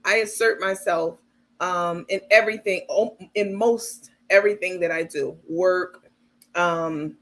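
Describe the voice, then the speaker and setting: A woman's voice: lowish voice, fairly even intonation, unhurried, fairly bright tone. A woman hosting a livestream, giving casual commentary in a blunt, outspoken way with some profanity and asides to her viewers. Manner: addresses viewers as "baby" and "you guys". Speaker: livestream host.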